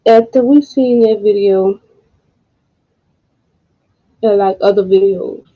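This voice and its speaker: Frustrated woman close to tears. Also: mid-range voice. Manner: frustrated, halting, profane. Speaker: co-host. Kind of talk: emotional commentary. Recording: dull lo-fi home recording.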